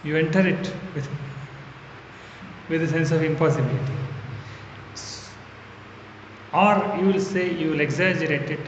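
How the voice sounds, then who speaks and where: Man, spiritual teacher, somewhat high voice, emphatic and earnest, dull lo-fi sound, faint hiss. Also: moderate pace, long pauses. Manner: earnest, emphatic, repeats phrases for stress. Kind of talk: spiritual talk. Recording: echoey hall, dull lo-fi sound with faint noise.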